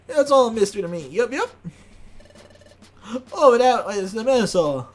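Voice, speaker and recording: Voicing a young male beaver Pokémon, a woman uses a husky, fairly low voice at a fairly quick clip. The character is humble and eager, with an affected folksy Southern drawl and an excitable "by golly."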